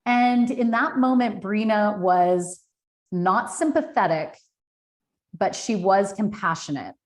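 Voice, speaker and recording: A woman in her thirties speaks as a podcast guest about her own life. She talks candidly and with feeling, her voice pitched in a middle range. Fillers and restarts come often as she tells it. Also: animated, slow pace. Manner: candid, emotional storytelling with many fillers. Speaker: podcast guest, business founder. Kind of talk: personal story in an interview.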